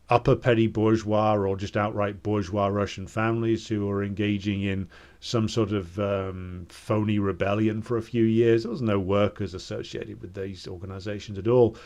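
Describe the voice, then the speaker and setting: A man's voice: fairly low pitch, level tone, a little slow, darkish tone. A man in casual political discussion, talking hesitantly with many fillers and restarts.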